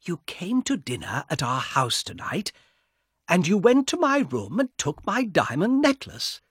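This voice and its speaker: A man voicing a frightened young woman in a read-aloud story, raising his voice high to plead with her brother. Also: huge pitch swings, measured pace, a bit bright, breathy edge, dry recording, studio quality, full character voice.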